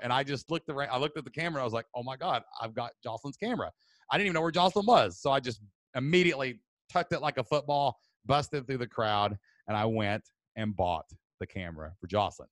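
A man, a podcast host telling a story loudly and excitably, then turning it into marketing advice. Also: fairly high pitch, dry recording. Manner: loud, excitable, fast-moving. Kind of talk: animated storytelling.

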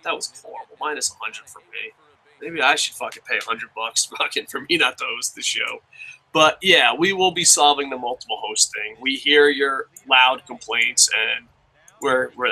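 Bright-voiced, profane young podcast host. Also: male voice, mid-range voice, low-quality recording. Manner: profane, rambling, excitable. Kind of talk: casual podcast chat reading listener comments.

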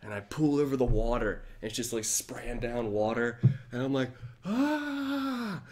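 A man's voice: mid-range voice, steady tone, moderate pace, darkish tone. A man hosting a casual livestream, animatedly telling a dramatic story to his chat. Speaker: livestream host.

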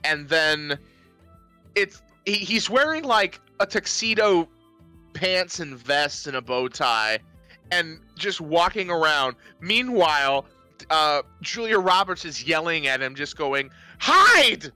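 A young man co-hosting a casual movie review podcast, animated and acting out scenes in silly voices. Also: fairly high pitch, slow pace, smooth, no room sound, soft background music. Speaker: podcast co-host.

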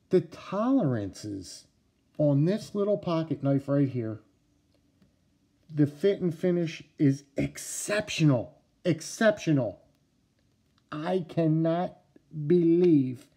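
Speaking in a warm, mid-range voice with a New Jersey accent, a man shows off his knife collection to the camera in a relaxed way. His talk is halting, full of fillers and restarts.

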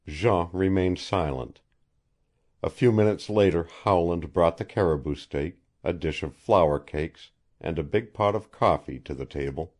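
A man narrating an audiobook in a measured, expressive way. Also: sits low. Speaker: audiobook reader.

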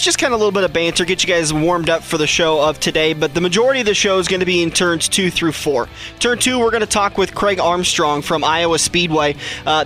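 High, bright-voiced male radio host. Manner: rambling, jokey, with frequent fillers. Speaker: radio racing talk show host. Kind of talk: casual radio chat.

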